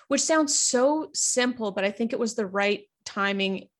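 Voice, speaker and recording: A woman's voice: fairly high pitch, a little slow, hardly any pauses. A woman from Canada talking as a guest, sharing personal experiences in an earnest, reflective way with lots of filler words. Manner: reflective, earnest, many fillers like "like" and "you know". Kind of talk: candid personal conversation.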